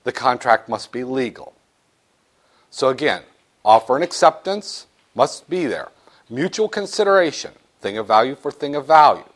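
A man's voice: medium pitch, normal speed. A man teaching business law to a class, joking and acting out little scenes as he lectures. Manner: animated, jokey, acts out little scenes.

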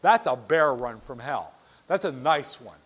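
A man teaching about stock charts in an animated, playful way, often asking the viewer rhetorical questions. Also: mid-range voice, measured pace. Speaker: finance instructor. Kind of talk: screen-share lesson on market charts.

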